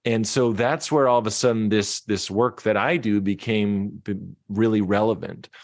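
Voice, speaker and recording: A man's voice: fairly low pitch, fairly even intonation, moderate pace, no room sound, clean studio sound. A man, a musician and speaker, reflecting as a podcast guest, with many restarts and fillers. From Canada. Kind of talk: casual interview talk.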